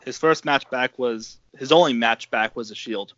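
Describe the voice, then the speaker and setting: A man's voice: medium pitch, moderate pace, fairly bright tone, no room sound, highs cut off. A man co-hosting a wrestling podcast in casual chat, profane and rambling. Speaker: podcast co-host.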